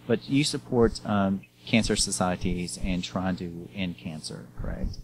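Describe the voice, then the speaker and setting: A man hosts an interview show in a fairly low voice, eager and supportive, often restarting his sentences with an um. A faint hum of noise sits behind him. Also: a little slow. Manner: enthusiastic and affirming, many ums, restarts mid-sentence. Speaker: talk show host. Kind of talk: interview host chat.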